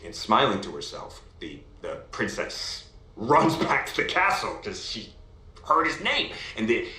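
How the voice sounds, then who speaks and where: A man telling a bedtime fairy tale on a video call, animated, going up high with excitement and down low for suspense, and checking in with his listener. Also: unhurried, echoey room, exaggerated voice. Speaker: parent telling a bedtime story.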